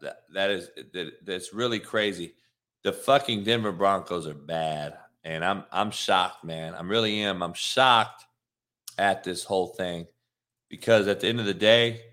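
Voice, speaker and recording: A man's voice: fairly low pitch, fairly bright tone. A man hosting a casual sports talk stream, swearing freely and talking straight to his viewers in a fired-up rant. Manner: profane, fired-up, talks straight to the chat. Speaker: sports talk show host.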